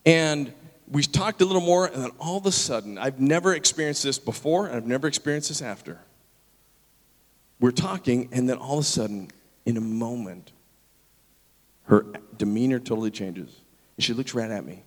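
Animated preacher in an echoing hall. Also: male voice, mid-range voice, normal speed. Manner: animated, acts out the people in his story. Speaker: pastor. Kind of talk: sermon storytelling. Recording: long reverb of a large hall.

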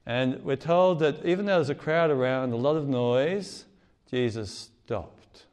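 A man's voice: medium pitch, a little slow, a little mellow. Earnest male preacher in a sanctuary. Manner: earnest, acts out the cries of gospel figures. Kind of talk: sermon. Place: church sanctuary.

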